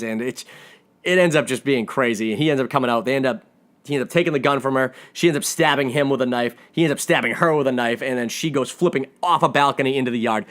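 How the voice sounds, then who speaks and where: An excitable man who recaps a film in casual, rambling speech. He talks with plenty of restarts and bursts of enthusiasm, and his voice sits at a middle pitch for a man. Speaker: movie reviewer.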